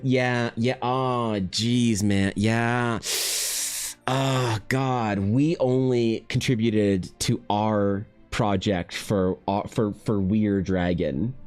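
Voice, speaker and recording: A man's voice: medium pitch, darkish tone. Flustered, swearing male art streamer. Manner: swears a lot, stammers and restarts when flustered. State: overwhelmed and emotional. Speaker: art livestream host. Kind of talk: casual livestream chat.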